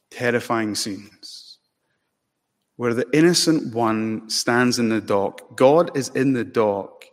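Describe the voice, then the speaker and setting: A man preaching a sermon in a church, dramatic and impassioned, rising to emphatic peaks and slowing into solemn stretches. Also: mid-range voice. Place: church sanctuary. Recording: long hall reverb.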